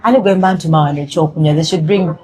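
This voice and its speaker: A woman talks casually with a slightly low voice. She switches freely between English and Luganda. She teases, then turns apologetic. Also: very fast, a little mellow, a little hiss or hum. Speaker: host. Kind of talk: casual chat.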